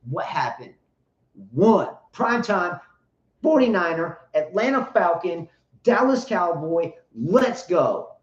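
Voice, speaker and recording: A man's voice: sits high, big pitch swings, slow. A man co-hosting a live tennis chat show, talking loosely and with plenty of profanity, hyping up the chat. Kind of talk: casual live-stream chat. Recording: roomy, dull lo-fi live-stream audio.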